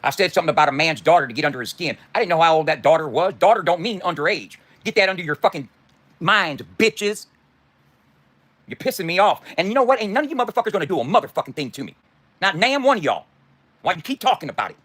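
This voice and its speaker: A man's voice: on the high side, lively intonation, fast talker, a bit bright. A middle-aged man delivering a heated, profane, confrontational livestream rant.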